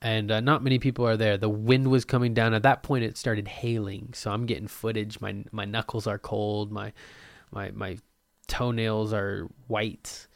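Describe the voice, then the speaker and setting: A man's voice: on the low side, flat delivery, moderate pace, dry recording. Rambling, joking young man alone at a desk. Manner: rambling, joking and self-mocking, with sudden loud bursts and mumbled asides. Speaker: podcast host. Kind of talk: solo podcast monologue. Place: at a desk at home.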